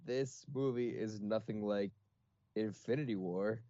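A man co-hosting a podcast in a casual chat, teasing with deadpan counterpoints. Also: lowish voice, unhurried, no room sound, lo-fi sound. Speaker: podcast co-host.

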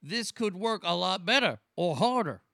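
A man's voice: high-pitched, animated, normal speed, gravelly, bright, forceful tone, no room sound, studio quality, pitched above the performer's own voice, full character voice. A man playing a prank caller with a chipped-tooth lisp, making a rambling, mock-earnest complaint.

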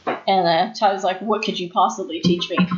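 A woman's voice: on the low side, fairly even intonation, moderate pace. A woman co-hosting a casual chat, recapping wrestling and acting out quotes with frequent laughs. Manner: chatty, laughs often, acts out quotes. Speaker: podcast co-host. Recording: dull lo-fi sound.

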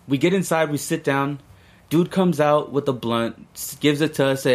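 A man's voice: fairly high pitch, normal speed. Laid-back young man telling a story. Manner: profane, rambling, laid-back. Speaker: podcast co-host. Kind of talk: casual storytelling.

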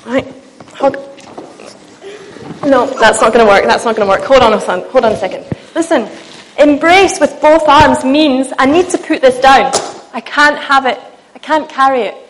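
A woman preaches to her church in a slightly high voice, chatty and self-mocking. She jokes her way through the points and keeps the delivery loose and conversational. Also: moderate pace, a little hiss or hum, low-quality recording. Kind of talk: humorous sermon with a live demonstration. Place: church meeting.

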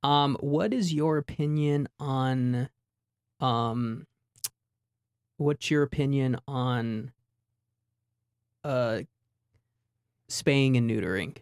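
Guy hosting a radio show, joking around, lots of ums, mid pitch, dry studio mic. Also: drawn-out words, pauses often, clean tone, no room sound. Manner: joking, rambling with many ums. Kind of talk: casual radio chat.

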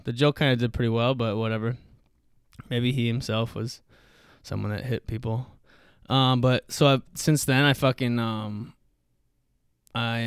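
A podcast host does a solo comedic rant, shouting loudly, rambling and swearing while saying "dude" and "bro" constantly. His voice sits at a medium pitch with a clean tone. The recording is studio quality with no echo.

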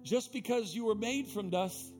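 A male pastor preaching a live sermon in a church, talking straight to the congregation by name and repeating his key lines, moving from hushed passages to loud ones. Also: sits high, moderate pace, faint music behind. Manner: impassioned, repetitive preaching that swings from hushed to loud; talks directly to the congregation by name. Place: church sanctuary.

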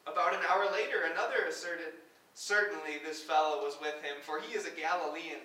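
A man, a pastor, reading Scripture aloud at a worship service in a measured way, lifting his voice for quoted speech. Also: on the high side, sharp tone. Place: church sanctuary. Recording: very echoey church, voice from far off.

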